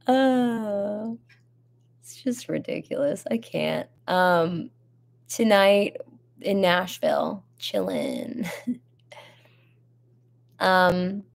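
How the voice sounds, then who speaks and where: A young woman who sings in a band hosts a live chat from her home in Nashville, casually answering fans' comments with lots of ums and giggles. Her mid-range voice is gravelly and very slow, with lively intonation and long pauses. She comes across as giggly and rambling.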